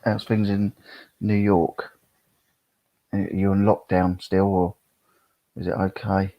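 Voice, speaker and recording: Speaking slowly and flatly in a low, gravelly, husky voice, a middle-aged man rambles on a live stream and reads out chat comments. There's no echo, though the sound is dull and lo-fi.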